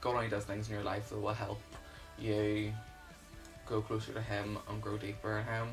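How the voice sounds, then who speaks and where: A young man, sharing his personal faith testimony in an earnest, halting way with many fillers. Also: fairly low pitch, monotone, over music, poor audio. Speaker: YouTuber.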